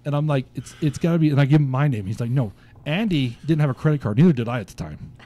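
A man's voice: mid-range voice, expressive, fast talker, mellow. A man guesting on a podcast, casually telling a story with lots of swearing and laughs. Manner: laid-back, swears often, laughs while telling.

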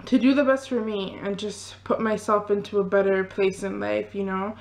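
A woman's voice: mid-range voice, little pitch movement, normal speed, gravelly. A woman in her twenties chatting casually to camera as a fitness vlogger, rambling loosely with lots of fillers. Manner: rambling, loose, full of "you know" and "like". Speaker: fitness vlogger and pole dancer.

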